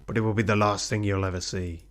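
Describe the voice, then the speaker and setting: A man doing a low, sinister assassin. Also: flat delivery, fast talker, fairly bright tone, faint music behind, lightly acted. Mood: menacing. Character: menacing hidden male assassin.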